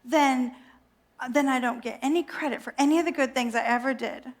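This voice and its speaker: A woman's voice: high voice, brisk. A woman minister preaching a sermon in a playful, self-mocking, theatrical way.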